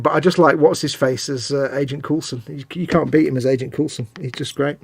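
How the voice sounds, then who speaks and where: A man with a higher voice and a gravelly, fry-laden edge, chatting casually on a live stream. He rants with mock indignation and breaks into silly voices. The room sounds dry and close. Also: steady tone, brisk, few pauses, dry recording. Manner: ranting, mock voices for jokes. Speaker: co-host. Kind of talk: casual live-stream chat while painting.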